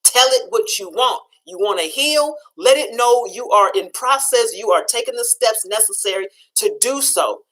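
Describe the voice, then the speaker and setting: A woman's voice: a little high, animated, moderate pace, hardly any pauses, fairly bright tone, poor audio. A woman hosting a motivational talk show, speaking in firm, affirming commands. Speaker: host.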